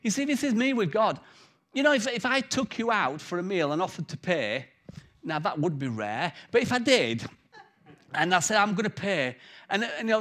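A man preaching a sermon, telling the story with lively acted-out voices. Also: sits high, moderate pace.

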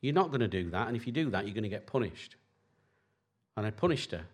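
A man in his forties preaches in an easy, conversational way, as if talking straight to each person in the room. His pitch swings widely from high bursts to low asides. He checks in with his listeners constantly and stays animated throughout. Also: fast, husky. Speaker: pastor. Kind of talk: conversational sermon.

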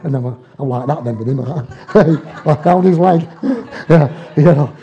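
A Northern English man preaches a conversational sermon full of homely personal stories, humour and frequent laughter. His mellow voice is on the high side and a little slow. The sound is dull, muffled and lo-fi.

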